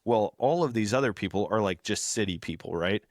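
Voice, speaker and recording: A man's voice: fairly low pitch, fairly quick, no echo, studio quality. Man telling stories on a podcast. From rural background. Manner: storytelling, animated when acting out others. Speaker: podcast co-host. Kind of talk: casual chat.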